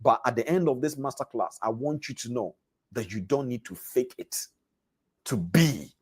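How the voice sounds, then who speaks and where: A man's voice: mid-range voice, moderate pace, a little mellow, husky. A man coaching traders in a live online masterclass, talking straight to his listeners, repeating words and phrases for emphasis and asking them questions as he goes. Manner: addresses listeners directly with questions. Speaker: trading coach.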